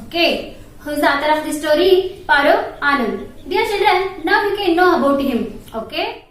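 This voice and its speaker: A primary school English teacher with an Indian English accent teaches young children online in a high, expressive, slightly bright voice. She goes slowly, spelling each word letter by letter and then repeating it. The mic is distant in an echoey room, with faint noise.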